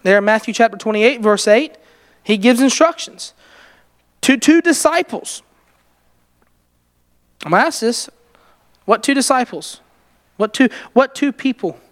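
A man's voice: very high voice, animated, measured pace, pauses often. A man preaching a conversational sermon, asking his congregation questions and building to emphatic, rising passages. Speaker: preacher leading a Bible study.

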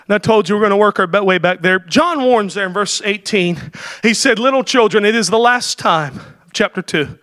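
A man delivers a fiery sermon in a high, ringing voice. He swings from shouted, drawn-out declarations to fast, conversational explanations. The sound is dry and close, with little room echo. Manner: preaching with shouted crescendos and hallelujahs; quick explanatory asides between climaxes. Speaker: preacher. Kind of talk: Pentecostal-style sermon.

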